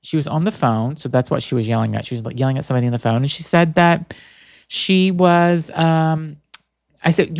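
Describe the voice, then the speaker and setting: A man's voice: a little high, fairly even intonation, fairly quick, vocal fry, no room sound, studio quality. A man hosting a podcast, telling a rambling, chatty story full of fillers and restarts. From Boston area. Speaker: podcast host. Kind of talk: casual storytelling monologue.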